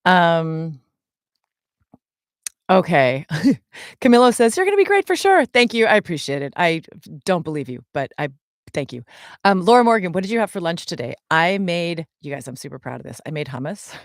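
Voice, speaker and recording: Fielding fan questions on a podcast she co-hosts, a woman in her forties talks in a low, expressive voice at a moderate pace, leaving long pauses. Her chatty answers are dotted with ums and small laughs, and the clean studio sound has no room sound.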